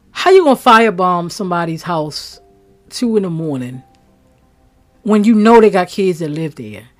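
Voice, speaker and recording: A woman from Maryland hosting a true crime podcast, talking in a blunt, outspoken, casual way. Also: medium pitch.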